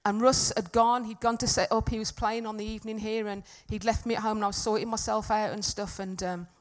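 A woman's voice: mid-range voice, little pitch movement, a little fast. A middle-aged woman giving a talk at a church gathering, telling a personal story in a chatty, self-deprecating way. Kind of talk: sermon with personal anecdote.

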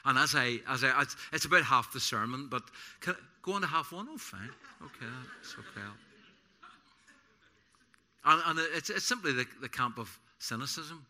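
A man pastor preaching a sermon in a church service, telling personal stories in an animated, self-deprecating way with many restarts. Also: medium pitch, moderate pace.

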